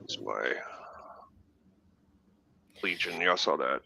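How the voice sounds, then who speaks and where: A man's voice: a bass voice, expressive, slow pace, vocal fry, bright, forceful tone. A man chatting eagerly on a casual stream while showing off comic books. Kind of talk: casual live stream chat. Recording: dull lo-fi stream audio.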